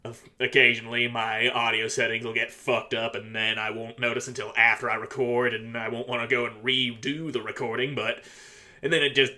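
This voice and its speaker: A man's voice: mid-range voice, level tone, fairly quick, pushed and bright. Crude, self-mocking man reacting on camera. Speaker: YouTuber. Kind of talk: reaction commentary. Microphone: USB desk mic.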